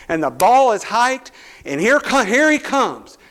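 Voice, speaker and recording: A man's voice: extremely high pitch, sing-song, unhurried, a bit bright. A male pastor, preaching a sermon through a folksy personal story full of restarts.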